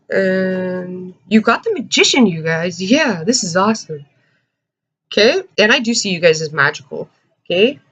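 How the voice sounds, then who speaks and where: A woman's voice: medium pitch, fairly bright tone. Chatty woman giving a tarot reading. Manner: chatty, keeps checking in with "okay?" and "all right?"; searches for words with frequent "uh" and "um". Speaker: tarot reader. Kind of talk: casual tarot reading to camera.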